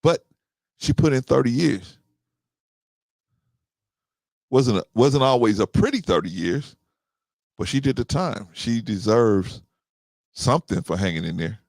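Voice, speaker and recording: A gravelly man of about fifty chats loosely with his listeners, and his pitch rises and falls a lot. He often circles back with "right?" and repeats his points. The sound is dry and close, with no room echo. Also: animated, a little slow, long pauses, darkish tone. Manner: conversational, repeats himself, often asks "right?". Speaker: podcast host. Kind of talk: casual talk to listeners.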